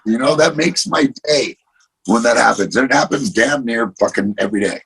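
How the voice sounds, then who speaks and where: A man, a guest in a casual interview, telling animated stories and swearing freely. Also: mid-range voice, moderate pace, creaky, husky, poor audio. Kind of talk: casual chat.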